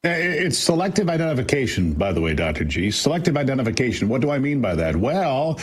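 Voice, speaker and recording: A man's voice: mid-range voice, sing-song, fast, slightly rough. A middle-aged man giving emphatic, folksy political commentary on a morning show, with frequent restarts. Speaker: guest commentator. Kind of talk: opinionated morning-show talk.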